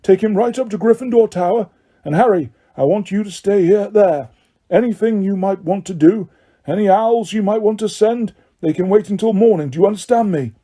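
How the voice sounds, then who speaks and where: A man voicing an elderly male wizard headmaster who gives calm, firm orders. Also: high-pitched, normal speed, pitched above the performer's own voice.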